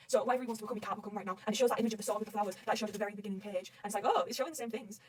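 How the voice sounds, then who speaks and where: A woman's voice: mid-range voice, rapid-fire, few pauses, darkish tone, breathy edge, recorded from a distance, low-quality recording. A young woman gushing and rambling through a manga recap, swearing constantly. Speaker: manga reader reacting. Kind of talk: excited recap chat.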